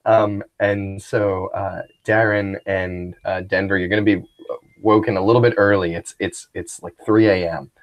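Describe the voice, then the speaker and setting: A man's voice: low-pitched, steady tone, normal speed. A man narrating a tabletop western game as game master, casual and hesitant. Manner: casual, hesitant, many fillers.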